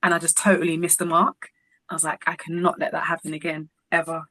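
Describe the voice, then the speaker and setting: A woman's voice: low voice, fast, no echo. A woman, a singer-songwriter, telling a personal story as an interview guest and acting out the dialogue as she goes. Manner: animated, acts out dialogue in her stories.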